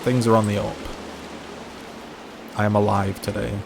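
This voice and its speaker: Rambling young man streamer, low voice. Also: level tone, moderate pace, gravelly, noisy background. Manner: rambling, repeats and restarts himself, many "like" fillers. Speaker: game streamer. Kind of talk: casual live-stream chat while playing.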